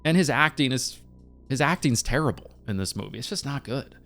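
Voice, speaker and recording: Animated, rambling man reviewing a movie. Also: medium pitch, fairly quick, soft background music. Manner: animated and rambling, with laughing asides.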